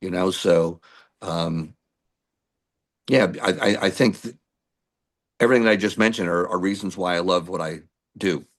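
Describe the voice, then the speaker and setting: A middle-aged male musician telling lively stories in an interview, acting out what people said to him. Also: low voice, moderate pace, long pauses. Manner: animated anecdotes with acted-out quotes. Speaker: musician guest. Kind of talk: storytelling interview.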